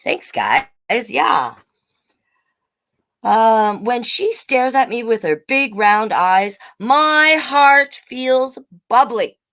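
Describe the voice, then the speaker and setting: Lively woman reading a children's story. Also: fairly high pitch, very slow. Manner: animated, chatty asides to viewers. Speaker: storytime reader. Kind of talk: reading picture books aloud to children.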